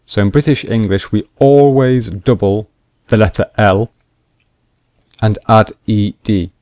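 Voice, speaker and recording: Man, English grammar lesson, low voice, very slow careful delivery, dry close sound. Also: darkish tone, dry recording. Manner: slow, deliberate, repeats each rule. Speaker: English teacher.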